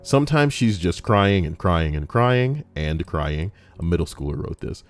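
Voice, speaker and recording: A man's voice: mid-range voice, huge pitch swings, moderate pace, few pauses, darkish tone. A young man hosting a comedic commentary, reading online stories aloud, swearing, joking and switching into mock voices.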